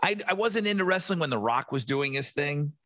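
A man's voice: a little high, lively intonation, brisk, pushed and bright, no echo. A middle-aged man co-hosting a podcast in casual chat, blunt and emphatic with crude humor. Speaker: podcast co-host.

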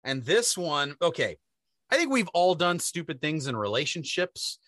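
A man hosting a comedic radio show, telling stories in a rambling, animated way and slipping into put-on voices. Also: on the high side, normal speed, dry recording, clean studio sound.

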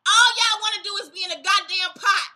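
A young woman with a very high, sharp, tense voice runs her own show. She delivers a furious monologue laced with profanity and pointed accusations. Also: fairly even intonation, fairly quick.

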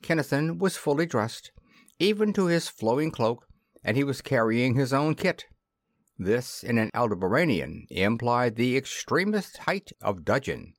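A man narrating a science fiction audiobook with an expressive reading. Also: medium pitch, a little slow, dry recording, clean studio sound. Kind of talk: scripted narration.

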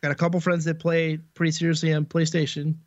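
A man's voice: a little high, completely flat delivery, fast talker, dry recording. Matter-of-fact man, slightly dull audio. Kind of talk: casual chat.

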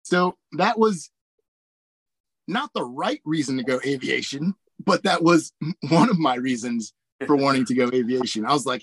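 A man in his forties from Indiana, an army pilot, telling stories in a relaxed, chatty way full of fillers and frequent laughs. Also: medium pitch, moderate pace, slightly rough, dry recording. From Indiana, USA. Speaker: guest, army warrant officer pilot. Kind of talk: casual storytelling interview.

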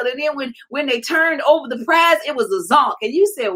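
A woman preacher with a high voice delivers a fervent prophetic message. She repeats her phrases again and again and rises into shouts. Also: lively intonation, normal speed, hardly any pauses. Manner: fervent, repetitive, with bursts of shouting.

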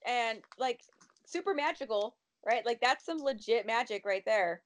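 A woman chatting casually, filling in details with a quick laugh here and there. Her voice sits a little high. She talks the way people talk on a relaxed podcast. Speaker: podcast co-host. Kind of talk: casual chat.

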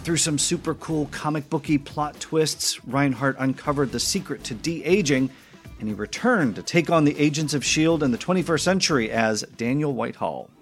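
A man's voice: fairly high pitch, moderate pace, over music. Eager male podcast host. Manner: enthusiastic, eager fan. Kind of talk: scripted intro and casual interview.

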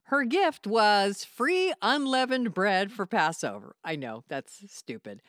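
A woman's voice: mid-range voice, big pitch swings, takes it slowly, fairly bright tone, no echo, clean studio sound. A woman introducing a comedy podcast segment in a conversational, scripted way. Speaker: podcast producer and writer.

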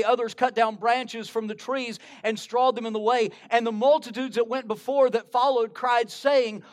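A man preaching a sermon, retelling a Bible story and quoting scripture in old King James wording, often restarting his phrases. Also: very high-pitched.

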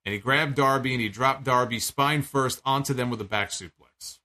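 A man with a bright, forceful voice talks through a wrestling match in a loose, unscripted recap. He is animated and incredulous, swears freely, and stumbles over restarts and fillers as he goes. His pitch sits in an ordinary middle range. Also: normal speed. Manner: animated, profane, incredulous storytelling. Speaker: wrestling show reviewer. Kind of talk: casual spoken recap.

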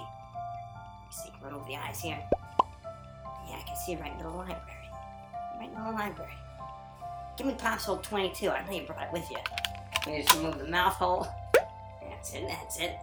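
A woman voicing a crude, tough woman schemer in a low gruff voice. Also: close to an everyday voice. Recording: roomy with music behind.

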